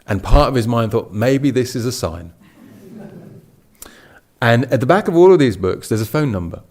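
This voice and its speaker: A man's voice: mid-range voice, lively intonation, moderate pace, darkish tone. A man gives a casual Buddhist talk. He wanders through a personal story, backtracking and restarting his sentences. Now and then he slips into quoted lines of dialogue. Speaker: Buddhist teacher giving a talk. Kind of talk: casual spoken dharma talk.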